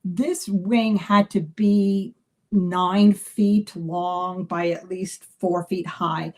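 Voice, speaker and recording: Chatty woman telling animated stories. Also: on the low side, extremely slow. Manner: animated storyteller acting out dialogue; chatty with many fillers and restarts. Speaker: psychic medium. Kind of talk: casual live video chat.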